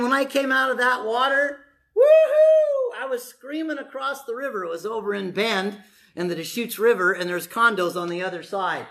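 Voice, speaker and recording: A male pastor preaching a sermon to a congregation in church, emphatic, moving from hushed to loud. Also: high voice.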